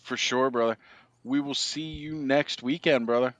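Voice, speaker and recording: A man's voice: mid-range voice, steady tone, moderate pace, fairly bright tone, no room sound. A man hosting a casual livestream chat over a video call, laid-back, laughing often and saying "like" a lot. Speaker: livestream host.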